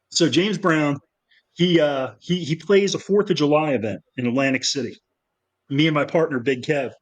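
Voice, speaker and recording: A middle-aged man telling rambling, animated anecdotes as a guest in a casual interview, full of fillers and restarts. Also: on the high side, low-quality recording. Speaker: guest filmmaker.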